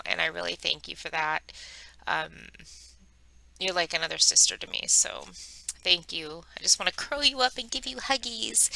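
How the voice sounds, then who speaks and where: A middle-aged woman chatting casually at home as a crafting vlogger, rambling and filling pauses with ums. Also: fairly low pitch, bright, forceful tone, clean tone, no room sound, poor audio. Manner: chatty and rambling, many fillers. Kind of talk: casual chat.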